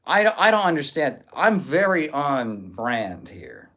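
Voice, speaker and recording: A male livestream host chats casually while reading live viewer comments aloud, his voice a little high, sing-song, a bit bright, and slightly slow. He answers trolls with dry, teasing sarcasm.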